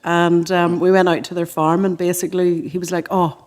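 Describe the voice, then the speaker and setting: An Irish woman, a musician and podcast co-host, chatting casually in a living room and telling a lively story with frequent laughs. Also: lowish voice, a little fast. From Ireland. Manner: animated storyteller, laughs often. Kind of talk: casual chat.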